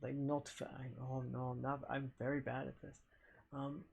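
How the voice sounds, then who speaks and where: A man streaming live, chatting casually with viewers in a halting, self-deprecating, rambling way. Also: mid-range voice, level tone, vocal fry, darkish tone, slightly rough, highs cut off.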